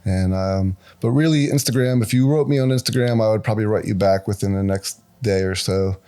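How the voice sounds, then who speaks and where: A man in his forties chats as a podcast guest, telling stories about his work. He talks in a loose, animated way and raises his voice when he acts out what people said. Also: on the low side, a little fast, clean tone. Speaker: guest tattoo artist. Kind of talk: casual podcast storytelling.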